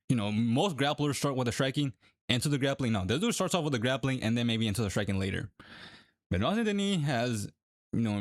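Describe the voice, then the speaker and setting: A man's voice: lowish voice, no room sound, studio quality. A young man casually talking to viewers, rambling and correcting himself with lots of fillers. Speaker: MMA predictions creator. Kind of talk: casual commentary to camera.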